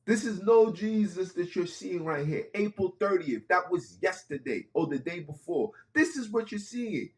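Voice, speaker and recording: A man's voice: high voice, lively intonation, moderate pace, hardly any pauses. A man hosting a podcast, speaking in an impassioned monologue with casual street phrasing and repeated lines for emphasis. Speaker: podcast host.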